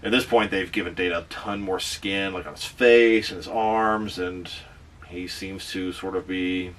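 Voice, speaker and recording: A movie reviewer with a very deep voice recaps a film casually and animatedly, dropping in quick asides. He's seated a bit back from the mic, which makes him sound slightly far away.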